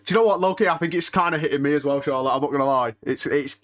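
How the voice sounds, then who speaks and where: A man's voice: fairly high pitch, very fast. Emotional young man streaming. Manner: restless and emotional, sighing and muttering oaths. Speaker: streamer hosting a live watch-along. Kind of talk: casual live-stream chat, reading and answering chat.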